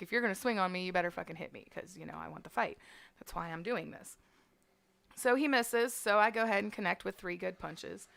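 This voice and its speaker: A middle-aged woman with a gravelly, creaky edge to her voice tells a story in casual chat. She talks with a bright, sharp tone. She is brash and profane and acts out the lines of the people in her story. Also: mid-range voice. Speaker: guest storyteller.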